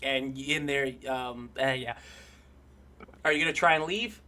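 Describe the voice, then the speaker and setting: A man narrating as game master of a tabletop role-playing game, loose and casual with fillers, breaking into loud bursts for figures. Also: mid-range voice, a little slow. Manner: loose, laughing, with fillers and shouted bits for figures.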